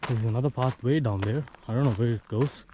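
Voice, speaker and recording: A young man vlogging as he hikes up a fort, chatty and excited, talking to viewers and out of breath. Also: mid-range voice, a little fast, highs cut off. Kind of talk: casual trekking vlog. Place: outdoors on a hilltop fort. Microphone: handheld phone. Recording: noisy outdoor phone recording.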